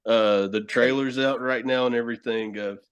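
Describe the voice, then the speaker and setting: A man's voice: medium pitch, fairly even intonation, moderate pace, clear, resonant tone, highs cut off. A man with a Tennessee accent, a horror host and actor, swearing and laughing as he tells stories in a casual podcast chat. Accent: Southern US, Tennessee. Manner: loud, profane storytelling, laughing often.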